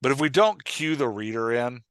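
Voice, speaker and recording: Male host, mid-pitch, lively, reads lines aloud in changing tones, dry recording. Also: a little fast, clean tone, no room sound. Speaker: writing coach, podcast host. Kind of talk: casual critique chat.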